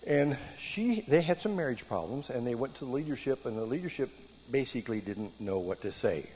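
A middle-aged man giving a sermon, telling stories with lively quoted voices. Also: medium pitch, a little fast. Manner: animated storytelling, voices quoted speakers. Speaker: preacher teaching marriage classes. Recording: long hall reverb, faint background noise.

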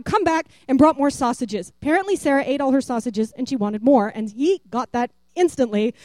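Lady telling a church testimony story, high pitched, acts out everyone's lines, rambly. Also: dry recording. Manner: animated, rambling, acts out quoted voices. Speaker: church member giving a testimony.

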